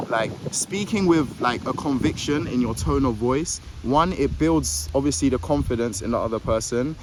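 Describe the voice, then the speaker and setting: A young man giving casual advice to the camera outdoors in a park. He rambles, fills gaps with "like", and stammers a little. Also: medium pitch. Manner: rambling, filler-heavy, says "like" a lot; a little jittery, stammers on words. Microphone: phone or camera held facing him. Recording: outdoor street noise with passing traffic.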